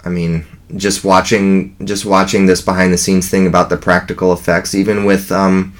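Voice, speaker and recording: A man's voice: low voice, little pitch movement, moderate pace. A man chatting casually and enthusiastically, rambling with fillers. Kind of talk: casual fan chat.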